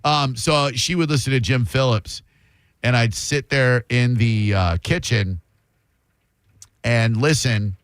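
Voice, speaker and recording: A man's voice: mid-range voice, slow pace, fairly bright tone, clean tone, no room sound. A man hosting a radio show, telling rambling, self-mocking stories in casual talk from a studio.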